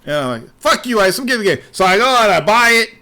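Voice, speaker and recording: Guy ranting on a podcast, swears a lot, high bright voice, swings all over. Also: fast. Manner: animated, profane, trails off repeating words. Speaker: podcast host. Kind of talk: casual ranting chat.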